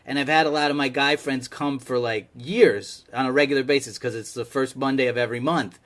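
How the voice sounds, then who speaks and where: A man's voice: medium pitch, steady tone, brisk, fairly bright tone. A man telling rambling, exasperated stories to a therapist over a video call, his voice climbing to pleading. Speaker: patient in comedy sketch. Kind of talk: comedic monologue to a therapist.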